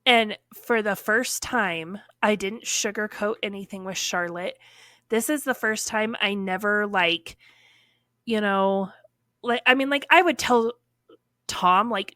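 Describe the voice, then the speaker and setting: A woman recounts a personal story in casual, animated podcast talk. Her voice is bright and forceful, and she slips into quoted dialogue among frequent fillers. The recording is dry and close. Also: medium pitch, takes it slowly, no room sound.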